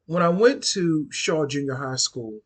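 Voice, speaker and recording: Husky-voiced, blunt D.C. man telling a story. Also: on the high side, lively intonation, a little slow. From Washington, D.C. area. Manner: blunt, profane, emphatic, repeats phrases for stress. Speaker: vlogger. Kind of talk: casual storytime monologue.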